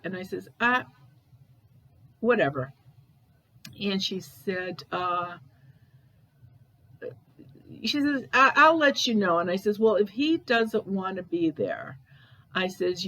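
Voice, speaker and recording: Slow-talking woman telling a story. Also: mid-range voice, rough recording. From Ohio, USA. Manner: retells conversations, repeating "I said" and "I says". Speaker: spirit medium recounting a case. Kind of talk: casual storytelling.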